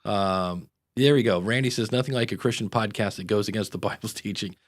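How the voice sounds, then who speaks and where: A middle-aged podcast host with a fairly low voice talks briskly. He rambles through casual stories, often starting over mid-thought.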